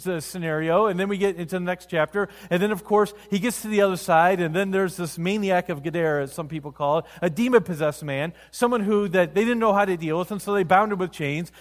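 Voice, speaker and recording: Male preacher, a touch high, storytelling sermon with long hall reverb. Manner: animated storytelling, acting out quotes, frequent restarts.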